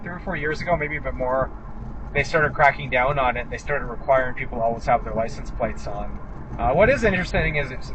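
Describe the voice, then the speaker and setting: A man's voice: medium pitch, dull audio. Chatty man talking while driving. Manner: chatty, wry and sarcastic asides. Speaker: injury lawyer. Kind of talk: casual talk while driving. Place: inside a car driving on city streets. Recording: noisy in-car road recording. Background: car and road noise.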